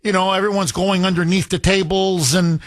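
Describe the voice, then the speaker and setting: A male talk radio host with a fairly high voice talks indignantly, his pitch climbing as he gets worked up. He sounds animated and pointed, with a clean studio sound. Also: moderate pace. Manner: animated, indignant, repeats phone number.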